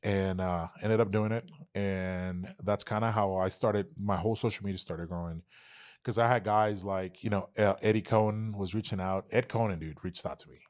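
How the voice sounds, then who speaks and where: Young man, podcast guest, lowish voice, swears freely, acts out the quotes in his stories. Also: moderate pace. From Texas. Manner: animated, profane storytelling, acts out quoted dialogue. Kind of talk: casual storytelling interview.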